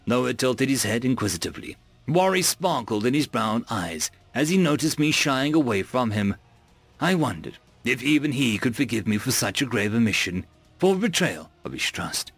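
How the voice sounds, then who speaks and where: Gravelly male audiobook narrator. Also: mid-range voice, big pitch swings, normal speed, fairly bright tone, no echo. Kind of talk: scripted narration.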